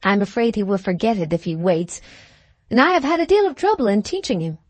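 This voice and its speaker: A woman voicing a kindly, motherly schoolmistress with a dry, gentle wit, in a storybook reading. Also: mid-range voice, big pitch swings, brisk, dry recording. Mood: wry.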